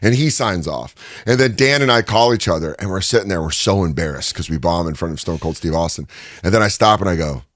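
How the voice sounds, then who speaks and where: A lively male comedian in a studio interview, spinning stories and laughing as he goes. His voice sits a little low and comes across dry and close, with no room sound around it. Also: quick pace, no room sound. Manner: animated, laughing storyteller. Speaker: stand-up comedian and guest. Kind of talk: casual storytelling interview. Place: recording studio.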